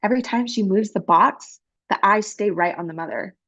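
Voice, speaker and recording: A woman interpreting for a panelist, telling a story in an expressive, animated way. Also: medium pitch, moderate pace, muffled recording. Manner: animated, expressive, breaks into character voices. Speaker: sign language interpreter voicing a panelist.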